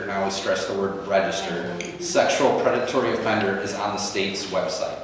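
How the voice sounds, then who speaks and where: A man's voice: lowish voice, moderate pace, hardly any pauses, noisy background. A man running a real estate training session, walking through forms step by step in a practical, conversational way. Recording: echoey room from far off.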